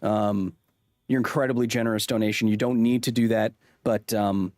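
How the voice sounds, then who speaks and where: A man's voice: on the low side, steady tone, normal speed, darkish tone, dry recording, studio quality. A man hosting a live-streamed podcast, talking wryly to his chat and reading testimony aloud with many restarts. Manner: wry, talks straight to chat, frequent restarts. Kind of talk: casual livestream chat and read-aloud of testimony.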